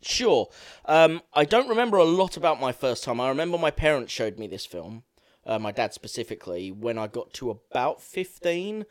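A young man co-hosting a film podcast, talking in a rambling, halting way with many fillers. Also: medium pitch, very animated, no room sound, clean studio sound. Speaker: podcast co-host. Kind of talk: casual film chat.

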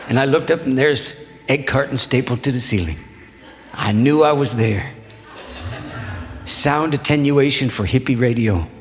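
A man telling a long story to a live audience in an unhurried, reflective, folksy way. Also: mid-range voice, big-room sound. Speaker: spoken-word storyteller. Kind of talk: live spoken-word storytelling. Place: hall before an audience.

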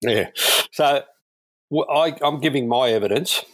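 A man's voice: mid-range voice, measured pace, dry recording. An Australian man, a police air rescue crewman, telling stories in a laid-back, chuckling way as an interview guest. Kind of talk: casual storytelling interview.

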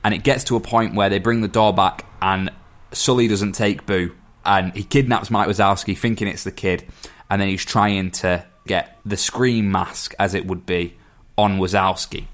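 A man's voice: sits low, steady tone, moderate pace, hardly any pauses, fairly bright tone. A man in casual chat, recapping a film plot at length and stumbling over some words. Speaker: podcast co-host.

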